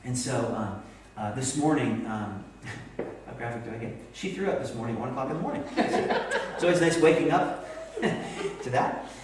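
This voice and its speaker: A man in his forties preaching a sermon, animated and acting out quoted voices as he goes. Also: medium pitch, normal speed, long pauses, background noise. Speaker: pastor. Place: church sanctuary. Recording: echoey church hall mic from a distance.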